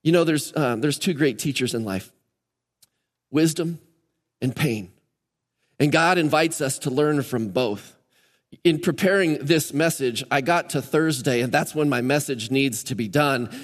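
An American man preaching a sermon in a conversational, energetic way, his voice climbing higher when he gets excited. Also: unhurried, long reverb tail. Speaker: pastor. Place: church sanctuary.

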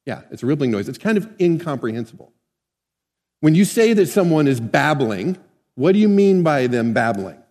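A man's voice: on the high side, big pitch swings, moderate pace, darkish tone. A man preaching a sermon in a conversational way, often asking the congregation questions. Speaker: pastor. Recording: long hall reverb.

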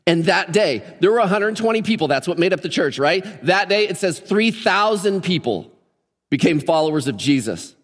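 Chatty pastor in a reverberant church. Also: male voice, sits high, expressive, normal speed. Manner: chatty, joking, with many fillers. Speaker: lead pastor. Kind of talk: casual sermon. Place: church auditorium.

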